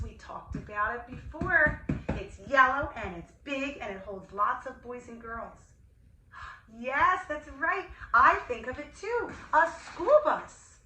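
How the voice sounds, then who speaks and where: A woman teaching young children in an online class, speaking in a sing-song, slow and gently enthusiastic way with gasps of delight. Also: on the high side, distant mic. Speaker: preschool teacher. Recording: echoey room, voice a bit off-mic, faint hiss.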